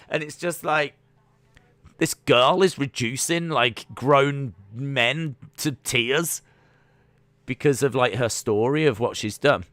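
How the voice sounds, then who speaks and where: A man's voice: medium pitch, unhurried, bright, forceful tone, dry recording. A man hosting a casual watch-along livestream, rambling and full of "like" and restarts. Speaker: livestream host.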